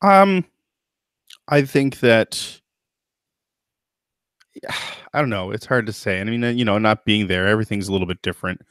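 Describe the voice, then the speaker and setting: A man's voice: on the low side, expressive, moderate pace, long pauses, fairly bright tone, clear, resonant tone, no room sound, clean studio sound. A man hosting a podcast in casual chat, thoughtful and hedging, with lots of fillers and restarts. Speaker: podcast host.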